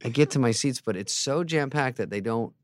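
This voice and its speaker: A man in his fifties, a comedian guest, telling a story in a sarcastic, deadpan way and acting out other people's lines. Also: medium pitch, a little fast, no echo, clean studio sound. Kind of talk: casual storytelling chat.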